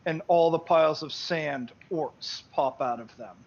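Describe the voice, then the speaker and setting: Male game master, casual narrator, somewhat high voice, dull audio. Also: unhurried.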